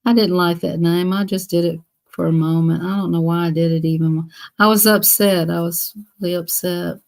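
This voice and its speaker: Gravelly woman chatting on a live stream. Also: lowish voice, steady tone, moderate pace, a little mellow. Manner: rambling, chatty, repeats herself. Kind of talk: casual live-stream chat.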